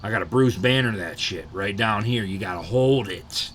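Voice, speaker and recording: A man's voice: lowish voice, normal speed, a bit bright, a little hiss or hum. A young man chatting casually on a live stream, rambling and swearing freely as he tells stories. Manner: profane, rambling storytelling.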